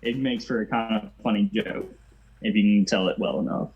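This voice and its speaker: A man's voice: on the low side, brisk, reverberant, phone-quality sound. A man casually telling a long joke, rambling a bit with fillers as he goes.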